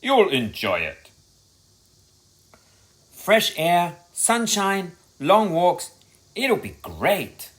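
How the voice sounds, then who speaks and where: A man's voice: high-pitched, wildly swooping pitch, extremely slow, pauses often, fairly bright tone, voice pushed up, full character voice. A man voicing a hearty, cheerful father in a children's storybook reading, sounding jolly. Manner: jolly, upbeat.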